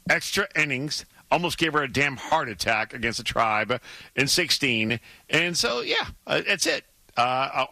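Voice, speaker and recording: A man co-hosting a sports radio show in casual chat, animated and emphatic, often repeating words when he gets worked up. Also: mid-range voice, dry recording. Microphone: studio microphone.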